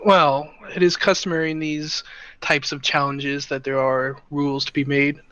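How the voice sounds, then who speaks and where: Male player, sharp tone, chatty with many pauses and fillers; dry, lo-fi recording. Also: fairly high pitch, little pitch movement, clear, resonant tone, no echo. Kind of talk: casual tabletop game play. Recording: dull, dry, lo-fi mic.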